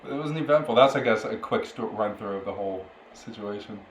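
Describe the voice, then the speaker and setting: Laughing frequently, a young podcast co-host spins a story during casual chat. He speaks fairly quickly in a voice on the low side, captured in a roomy space with faint noise behind him.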